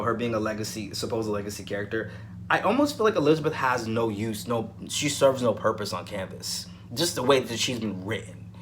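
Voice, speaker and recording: Male vlogger at a mid pitch, reviewing soaps casually; rambles, hedges with "um", and hammers points home by repeating them. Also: a bit bright, a little hiss or hum. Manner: rambling, emphatic repetition, frequent "um". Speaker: soap opera reviewer. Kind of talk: casual weekly review commentary.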